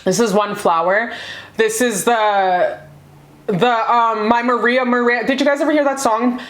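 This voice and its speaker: A gushing, foul-mouthed woman with a fairly high voice, hyped up as she gives a casual pick-a-card tarot reading. Her voice rings around a roomy, echoey space. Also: measured pace.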